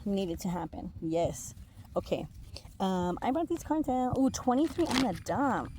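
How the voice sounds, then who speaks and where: A woman's voice: medium pitch, expressive, a little slow, mellow, a little hiss or hum. A woman giving a casual tarot reading, chatty and laughing often, swearing freely between many fillers. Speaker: intuitive tarot reader.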